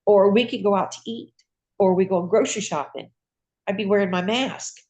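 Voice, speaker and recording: Older woman telling an animated story. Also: mid-range voice, normal speed. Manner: animated, acts out dialogue, laughs often. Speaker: retired nurse and patient. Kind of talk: casual storytelling in an interview.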